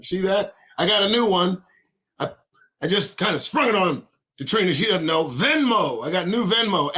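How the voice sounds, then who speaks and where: A middle-aged man hosting his own show, ranting in a rhyming monologue with sudden shouts and swearing. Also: high voice. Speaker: host of a daily online show.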